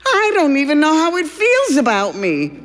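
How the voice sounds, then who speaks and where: A woman doing a lovesick duck, high and trembling. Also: huge pitch swings, moderate pace, big-room sound, some chatter behind. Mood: anxious. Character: lovesick, anxious young male duck.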